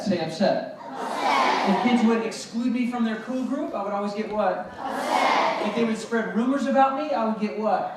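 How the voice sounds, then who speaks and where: A motivational speaker in a school assembly, talking energetically and prompting the children to repeat words back to him. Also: male voice, sits high, distant mic. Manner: energetic, call-and-response with children. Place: school gym or hall. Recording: echoey hall recorded from afar, noisy. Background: children in audience.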